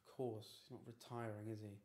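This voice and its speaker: A man with a fairly low, mellow voice and little movement in pitch chats casually on a live stream. He reads his chat and answers questions in an easygoing manner, talkative and quick to brush aside teasing.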